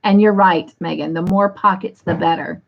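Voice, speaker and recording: A woman's voice: on the low side, steady tone, normal speed, creaky, highs cut off. A woman hosting a casual livestream, reading viewer comments aloud in an affectionate way. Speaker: livestream host.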